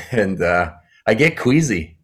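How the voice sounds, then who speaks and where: A man's voice: lowish voice, big pitch swings, takes it slowly, breathy edge. A man co-hosting a podcast, a father chatting casually and making wry, teasing asides. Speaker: co-host, father of two.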